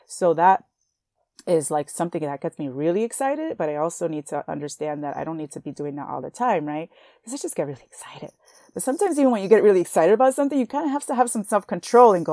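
A young woman hosting a Christian podcast, talking earnestly and warmly to her listeners as sisters, at times emotional. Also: fairly low pitch, animated, quick pace, dry recording, clean studio sound. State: emotional, near tears. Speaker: podcast host. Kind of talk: faith podcast encouragement.

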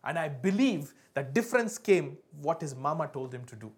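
A woman's voice: low voice, big pitch swings, moderate pace. A woman preaching a sermon with call and response, fervent and building, breaking into speaking in tongues.

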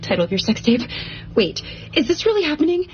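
A woman's voice: sits high, sing-song, a little fast, dull audio. An actress playing a smart, competitive young woman detective in a sitcom clip, with music under it. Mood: emotional. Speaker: sitcom character.

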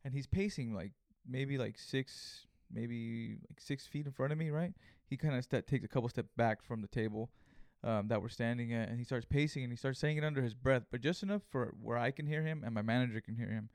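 On his solo podcast, a man rambles through a story, casual and conversational and heavy on fillers. He has a mid-range, slightly mellow voice at a slightly fast pace, recorded with clean studio sound and no echo.

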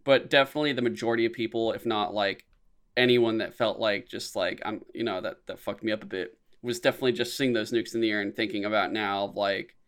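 A young man co-hosting a podcast in casual chat, rambling and swearing, his voice jumping high whenever he acts out a reaction. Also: fast, smooth. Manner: rambling, animated, swears often, voice jumps high when quoting reactions. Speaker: podcast co-host.

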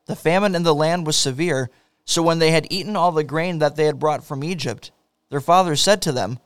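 Guy reading the bible aloud, steady pace, slightly high voice, dry close studio sound. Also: brisk, smooth, no echo. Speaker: scripture reader. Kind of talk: scripture reading.

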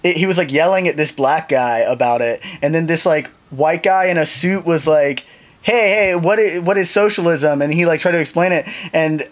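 A man guesting on a podcast, telling stories in a halting, rambling way full of fillers. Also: a little high. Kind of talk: casual chat.

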